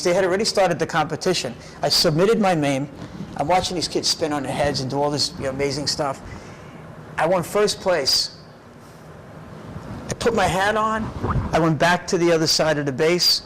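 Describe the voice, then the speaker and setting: A middle-aged man recounts his life story in an interview, with a fairly high voice for a man. He tells it in an animated, lively way and keeps checking in with a "right?". A faint hum sits behind him. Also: moderate pace, rough recording. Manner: animated storyteller, often tags lines with "right?". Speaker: documentary subject.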